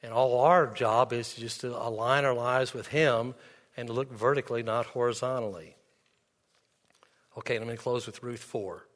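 A pastor delivers an earnest sermon in a church sanctuary, telling stories and quoting dialogue. His medium-pitched voice is steady and a bit bright, moving at a normal speed, and the recording carries a long hall reverb.

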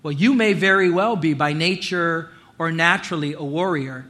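Male pastor mid-sermon, higher voice with a bright edge, animated storyteller. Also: normal speed.

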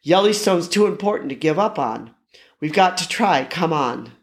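A weary cartoon park ranger, read aloud by a man. The delivery stays plain and a little high for a man, with a few higher-pitched spots. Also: animated, moderate pace.

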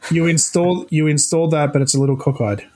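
A man's voice: a little high, steady tone, quick pace, a loud crowd. A man co-hosting a casual podcast, laid-back as he explains a slang word. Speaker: podcast co-host.

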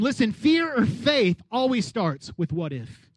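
A pastor delivers an energetic sermon in a notably high voice, urging his listeners to repeat his words and acting out the people in his story. The sound is close and dry, with no room echo. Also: measured pace. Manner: energetic preaching with call-and-response.

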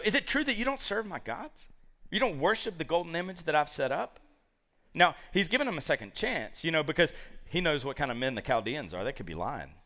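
A man preaching a lively sermon, acting out the characters of a Bible story. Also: fairly high pitch. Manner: animated, acts out quoted characters.

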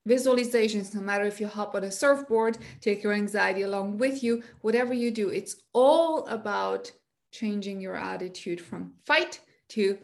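A woman anxiety coach on a podcast, telling personal stories in a lively, energetic way. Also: medium pitch, normal speed, vocal fry. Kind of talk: podcast conversation.

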